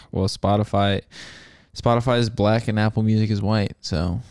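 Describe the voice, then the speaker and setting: Young man, blunt crude co-host, gravelly, dry sound. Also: fairly low pitch, steady tone, unhurried, a little mellow, no echo. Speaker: podcast co-host. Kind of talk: casual chat.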